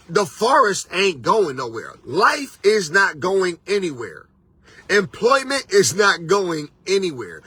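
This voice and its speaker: A man's voice: high voice, bright, forceful tone, husky, dry recording. A man hosting a motivational monologue, preachy and repetitive, with casual slang. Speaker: motivational host and life coach.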